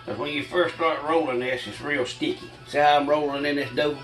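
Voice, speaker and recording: A man's voice: fairly high pitch, fairly even intonation, fairly quick, a bit bright, far from the mic. An older Southern man talks viewers through a recipe in a homey, chatty drawl, breathing a little hard between phrases. He sounds set back from the mic in an echoey kitchen. Faint music plays underneath. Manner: folksy, chatty, addresses viewers as y'all. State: short of breath. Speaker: cooking channel host. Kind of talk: casual home cooking demonstration. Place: home kitchen.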